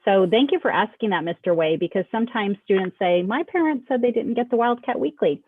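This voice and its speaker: A woman's voice: mid-range voice, animated, a little fast, a little hiss or hum. A woman on the staff of a school hosting a casual announcement show, chatting as she walks students through the school website over a video call. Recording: dry, tinny phone-like call audio.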